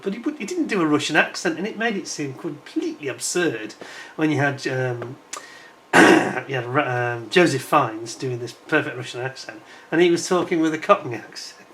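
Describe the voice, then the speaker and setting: A man's voice: fairly high pitch, lively intonation, moderate pace, fairly bright tone, slight background noise. Chatty British man reviewing model kits. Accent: British English. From United Kingdom. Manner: chatty, wanders off on tangents, frequent fillers. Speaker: scale model kit reviewer. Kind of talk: casual rambling review chat. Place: indoors at home, warm room with a fan.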